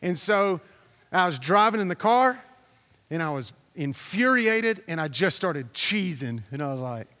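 A man's voice: high voice, big pitch swings, unhurried, sharp tone, in a large hall. A man preaching a sermon as a pastor, talking in a conversational, storytelling way, repeating himself and putting questions to the congregation.

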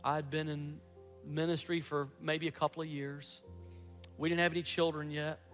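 Bright-voiced man preaching in an echoey hall. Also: a little high, normal speed. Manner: animated, acts out his own past excitement. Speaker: pastor. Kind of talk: sermon storytelling. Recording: echoey hall with faint music.

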